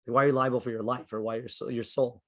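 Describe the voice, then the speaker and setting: A man's voice: medium pitch, level tone, fast. A man, a rabbi, explaining a text to his class, often checking in with "okay?" and thinking aloud. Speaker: rabbi teaching a Torah class.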